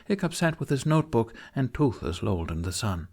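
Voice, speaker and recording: A man narrating a fan audiobook chapter in a measured storytelling manner. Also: medium pitch, big pitch swings, a little mellow.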